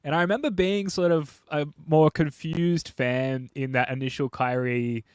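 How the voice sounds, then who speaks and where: Animated male podcast host, dry close sound. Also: on the high side, normal speed, clean tone, no room sound. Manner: animated, self-deprecating, hedging. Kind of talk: casual podcast chat.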